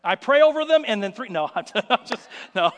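A man preaching a sermon as pastor, telling stories in an animated way and acting out the scenes. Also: sits high, normal speed, long reverb tail, a little hiss or hum.

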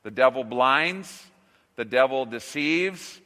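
Slow, bright-voiced preacher in a reverberant hall. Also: male voice, medium pitch, expressive. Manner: slow, emphatic preaching with dramatic pauses and swells. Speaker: pastor. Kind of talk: sermon.

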